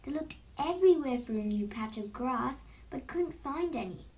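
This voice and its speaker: Heard through a distant mic, a woman with a high-sitting voice reads an illustrated storybook aloud. Her delivery is slow and expressive.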